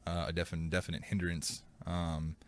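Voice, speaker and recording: A man's voice: low voice, completely flat delivery, moderate pace. A man, a musician guest on a podcast, talking in a loose, rambling way with lots of fillers and casual swearing. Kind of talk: casual chat.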